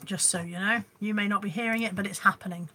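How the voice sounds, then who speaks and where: Bright-voiced chatty woman live-streaming. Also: mid-range voice, fairly even intonation, fast. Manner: chatty and scattered, reads out comments. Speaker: live-stream reseller host. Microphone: phone camera.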